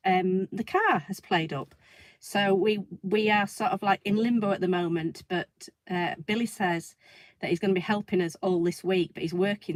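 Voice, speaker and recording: A woman's voice: fairly low pitch, no echo. A middle-aged woman co-hosting a livestream, reading out viewer comments and laughing often as she goes. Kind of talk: casual livestream chat.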